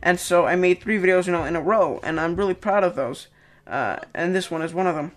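A man's voice: high-pitched, fairly quick. A young man gives casual, rambling commentary on his own videos, full of fillers and restarts. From Denmark.

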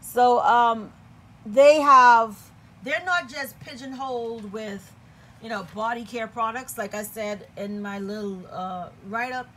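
A woman's voice: a little high, slow pace, a bit bright. A woman from the Caribbean giving a chatty, enthusiastic unboxing review, often checking in with "okay?". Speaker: product reviewer.

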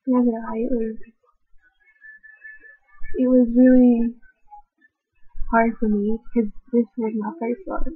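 A woman's voice: a little high, slightly rough, dry recording. Rambling young woman, tinny phone sound. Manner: rambling, emotional, with many restarts. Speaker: vlogger. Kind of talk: confessional vlog. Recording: tinny lo-fi audio with music behind.

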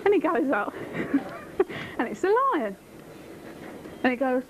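A woman's voice: a little high, animated, takes it slowly, pauses often, highs cut off, a little hiss or hum. A woman telling a joke to camera in an office, giggly and self-mocking, picked up by a camcorder mic. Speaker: office worker. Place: office room.

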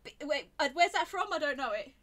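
A woman giving chatty live commentary while she plays a video game, talking to the game and rising into flustered high squeals. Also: animated, brisk, fairly bright tone. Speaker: game streamer.

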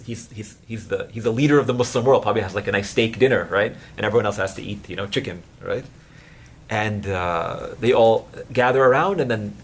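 A man's voice: lowish voice, gravelly, a little hiss or hum. Chatty male preacher telling stories. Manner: conversational, many fillers and acted quotes. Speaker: religious scholar and chaplain. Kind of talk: informal sermon with storytelling.

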